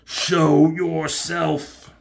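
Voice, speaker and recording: A man voicing a vast, menacing male planet god in a comic retelling, slow and looming. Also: a little high, little pitch movement, vocal fry, voice pushed up, heavily acted.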